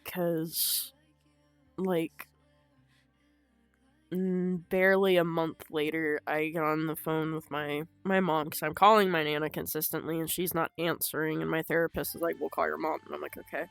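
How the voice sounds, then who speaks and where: A young woman telling her own story in an unscripted vlog, halting and emotional, with frequent swearing. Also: low-pitched, flat delivery, creaky, no echo, soft background music. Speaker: vlogger.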